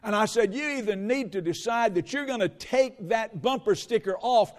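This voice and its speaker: A man's voice: high voice, normal speed, in a large hall. A male pastor preaching a sermon, telling stories with quoted dialogue before moving into scripture.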